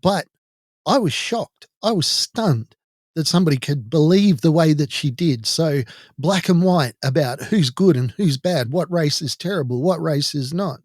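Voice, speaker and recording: Irish male podcast host, somewhat high voice, dry close sound, indignant storyteller. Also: lively intonation, measured pace, no echo. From Ireland. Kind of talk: personal monologue.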